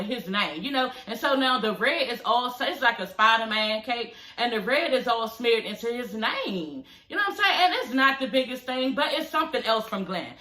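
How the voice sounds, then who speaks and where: A woman's voice: fairly high pitch, bright, forceful tone. A young woman recapping a reality show in a blunt, sassy rant, swearing freely and laughing often. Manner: sassy and blunt, swears freely, laughs often, many "you know what I'm saying" tags. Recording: echoey room.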